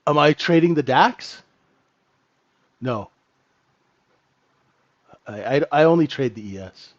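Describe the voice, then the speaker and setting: A man's voice: fairly high pitch, lively intonation, slow pace, no room sound, highs cut off. A man hosting a live trading room, talking casually and thinking aloud as he calls futures trades.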